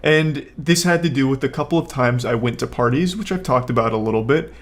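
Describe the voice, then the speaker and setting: A young man with an ordinary mid-pitched voice comments on a clip for YouTube in a dry, deadpan, sarcastic way. He takes his time, rambling through lots of fillers and dropping casual swear words, like someone relaxedly telling a story.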